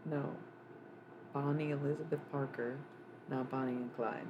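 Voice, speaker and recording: A woman's voice: rumbling low, steady tone, unhurried, highs cut off, noisy background. A woman livestreaming a casual psychic reading. She rambles loosely, swears freely and thinks aloud with lots of fillers. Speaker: live streamer giving a psychic reading. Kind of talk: casual live-stream chat.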